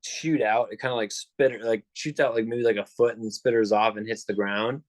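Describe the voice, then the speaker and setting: A man's voice: fairly low pitch, fairly even intonation, brisk, no echo. A young man telling a long story on a casual podcast, rambling with lots of fillers and restarts. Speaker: podcast co-host.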